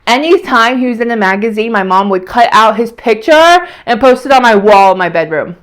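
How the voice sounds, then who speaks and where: A young woman vlogger with a fairly high, expressive voice talks fairly quickly in a casual weekly catch-up. She rambles, gets emotional, and uses many fillers.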